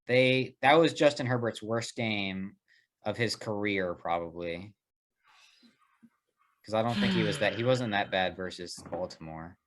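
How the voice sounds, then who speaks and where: A man hosting a casual sports podcast, leading the picks with quick, teasing banter. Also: on the low side, a bit bright. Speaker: podcast host.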